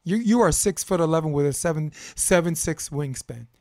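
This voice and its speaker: Male co-host, slightly high voice, heated rambling sports-debate rants full of restarts. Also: lively intonation, fairly quick, warm tone. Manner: heated, rambling, repeats words, laughs.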